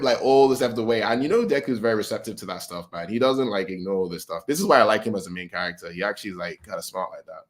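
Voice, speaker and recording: A young man giving casual, excitable reaction commentary, getting animated when he argues a point. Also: fairly low pitch, very fast, few pauses. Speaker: manga reaction host.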